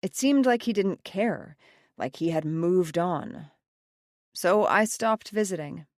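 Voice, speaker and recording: A woman with a fairly low voice reads first-person audiobook narration in a wry, sardonic tone. The sound is close and bone-dry, a studio read with no room around it. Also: animated, takes it slowly, dry recording. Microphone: close studio mic, dry.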